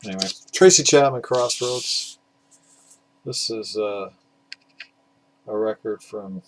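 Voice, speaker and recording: Low-voiced man rambling about his records. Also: slight background noise, poor audio. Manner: rambling, hesitant, swears casually. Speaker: record collector vlogger. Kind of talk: casual vlog talk about vinyl records.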